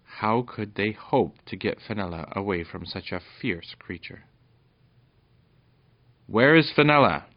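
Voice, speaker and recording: A man's voice: sits low, moderate pace, few pauses, dry recording, lo-fi sound. A man reading a children's storybook aloud, stumbling and correcting himself now and then. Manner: unpolished, with frequent stumbles and self-corrections.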